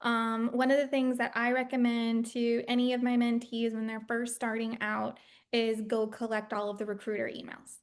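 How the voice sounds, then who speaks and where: A woman producer answering student questions in a panel Q&A, animated and joking, acting out quotes in mock voices. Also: on the high side, moderate pace. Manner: candid and joking. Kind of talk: panel Q&A advice.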